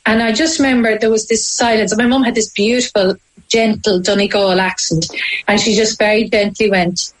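A woman with an Irish accent, telling a deeply personal story as an interview guest, halting and emotional with frequent restarts. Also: fairly even intonation, low-quality recording. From Ireland.

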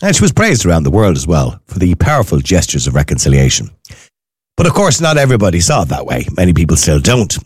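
A man with an Irish accent hosting a late-night radio talk show, chatting in a lively, rambling way with asides. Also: deep voice, fast, husky, no room sound, studio quality.

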